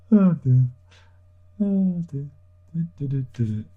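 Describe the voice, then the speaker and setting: A man's voice: on the high side, lively intonation, takes it slowly, mellow, a little hiss or hum. A middle-aged man hosting a livestream in casual chat, reading viewer comments aloud and joking irreverently with plenty of swearing. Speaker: livestream host.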